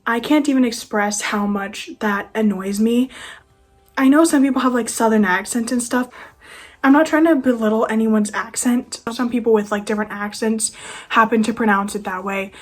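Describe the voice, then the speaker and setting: A woman's voice: fairly high pitch, moderate pace. A nineteen-year-old woman ranting casually to camera, sarcastic and exasperated. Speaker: vlogger. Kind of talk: casual rant.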